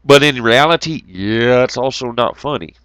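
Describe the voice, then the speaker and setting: A man's voice: mid-range voice, animated, moderate pace, fairly bright tone, clear, resonant tone, dry recording. A man giving a profane, rambling, jokey monologue to his viewers, laughing often. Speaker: YouTube commentator. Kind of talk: casual ranting monologue.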